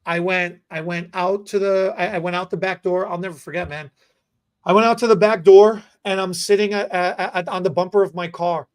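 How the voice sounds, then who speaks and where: A man's voice: high voice, fairly even intonation, clear, resonant tone. Stammering man telling a story. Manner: halting, with many restarts and stammers, emotional. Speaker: podcast host and hairstylist. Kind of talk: casual storytelling.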